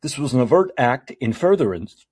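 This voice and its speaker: A husky male talk show host whose pitch swings widely as he moves between flat read-aloud passages and fired-up, swearing tirades. His tone turns mocking and exasperated when he argues. It's a single-voice political monologue. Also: a little fast. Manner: heated, sarcastic, profane ranting between calmer read-aloud passages. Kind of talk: reading legal documents aloud and ranting.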